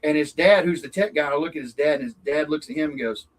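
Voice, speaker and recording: A man, a racing dad, telling stories in a lively way and acting out what people said. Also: fast, low-quality recording. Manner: lively, acts out quotes with raised pitch. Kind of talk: animated storytelling.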